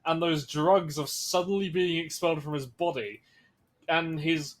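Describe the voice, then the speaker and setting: Giggly guy cohosting, slightly high voice, swears. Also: measured pace. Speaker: podcast co-host. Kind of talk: casual chat.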